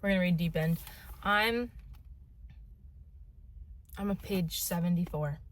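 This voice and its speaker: A woman's voice: on the low side, slow pace. Gushing young woman chatting from afar. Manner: gushing, repeats herself, says "dude" and "y'all". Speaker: book vlogger. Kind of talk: casual reading vlog chat. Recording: loud background noise, distant from mic.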